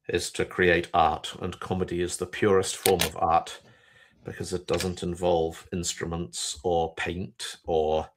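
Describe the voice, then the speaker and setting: Deep, slow-talking dry man. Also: fairly bright tone. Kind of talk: casual chat on a live coding stream.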